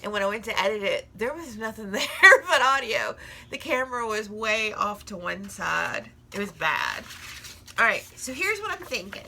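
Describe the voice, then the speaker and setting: Bright-voiced woman chatting while crafting. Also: medium pitch, very animated, moderate pace, gravelly, slight background noise. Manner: chatty, rambling, laughs often, talks while working. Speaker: crafting vlogger. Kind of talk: casual crafting chat.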